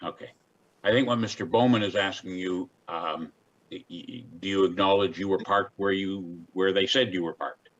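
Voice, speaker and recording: Plain-spoken, lower-voiced hearing officer man. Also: fairly even intonation, highs cut off. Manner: plain-spoken, folksy, measured. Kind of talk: presiding over a hearing.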